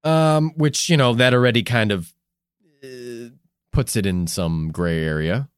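A man's voice: medium pitch, measured pace, smooth, no echo, clean studio sound. A man co-hosting a podcast in casual, crude, joking chat, explaining research along the way. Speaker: podcast co-host.

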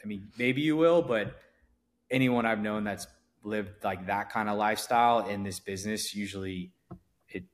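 A man with a fairly low voice talks loosely on a podcast. He rambles, restarts his sentences and leans on fillers, easygoing throughout. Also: normal speed. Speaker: event promoter guest. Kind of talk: casual podcast interview.

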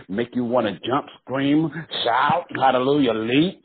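A man's voice: mid-range voice, a little slow, hardly any pauses, a little hiss or hum. A man preaching a sermon with passion, rising into cries and chanted repetition. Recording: tinny phone-line sound.

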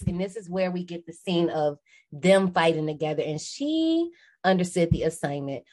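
Woman, twenties, podcast co-host, casual slangy recap, laughs often, lowish voice. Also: big pitch swings, moderate pace, a little mellow. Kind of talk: casual movie recap chat.

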